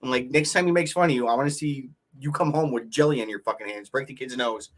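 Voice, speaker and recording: A man's voice: medium pitch, quick pace. A man co-hosting a podcast in casual chat, talking bluntly and crudely with plenty of swearing. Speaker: podcast co-host.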